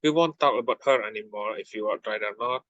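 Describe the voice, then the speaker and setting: Young man doing polite chatty little girl, storybook, bright voice, stumbling delivery. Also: fairly low pitch, lo-fi sound, natural voice. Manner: halting, stumbling over words.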